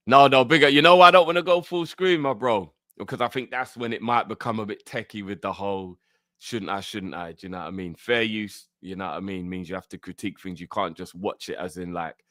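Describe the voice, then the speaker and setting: A man reacts live to a trailer for his fan channel, talking in excitable, slangy bursts. His voice sits a little low and sounds close and dry, with little room around it. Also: brisk, dry recording.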